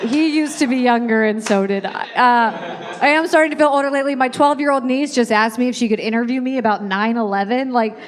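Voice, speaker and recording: A woman's voice: a little high, brisk, slight background noise. An Irish-born woman in her thirties with an American accent, doing a chatty, self-deprecating stand-up set on a club stage. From Ireland. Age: 30s. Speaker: stand-up comedian. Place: comedy club stage with live audience. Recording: live club audience laughing.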